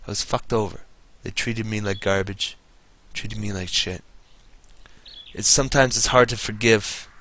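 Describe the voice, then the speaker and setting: A man's voice: fairly low pitch, fairly even intonation, unhurried, bright, forceful tone, slight background noise. A man chatting over a game, swearing a lot and rambling bitterly about an old boss. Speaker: gamer telling stories. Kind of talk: casual commentary over gameplay.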